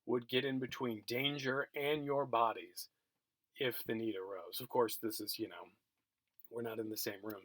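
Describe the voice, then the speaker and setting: A middle-aged man gives a remote college lecture, rambling through an anecdote with self-mocking asides and frequent restarts. His voice sits at an ordinary male pitch, recorded dry and close with no room sound. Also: dry recording. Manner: chatty, self-mocking, many fillers and restarts. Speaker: college geography instructor. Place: at home, recorded for remote teaching.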